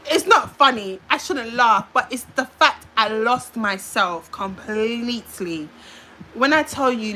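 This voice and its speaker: A woman's voice: mid-range voice, moderate pace, pushed and bright, slight background noise. A woman from the UK, a YouTuber, telling a rambling, emotional story on a live stream. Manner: emotional, rambling, restarts often. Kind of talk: casual livestream storytelling.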